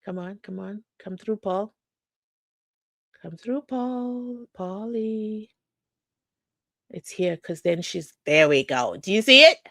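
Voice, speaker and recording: A woman's voice: mid-range voice, takes it slowly, vocal fry, long pauses, no echo. A woman from South Africa hosting a casual livestream, reading viewer comments and reacting with bursts of song and playful asides. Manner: animated, sings snippets, reads viewer comments aloud. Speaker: livestream host.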